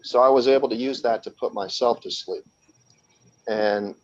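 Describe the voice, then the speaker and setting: A man talking as a podcast guest, telling a long story in a rambling, casual way with many restarts. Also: lowish voice. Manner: rambling, with frequent restarts and laughs, acting out quoted voices. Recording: slightly dull lo-fi sound.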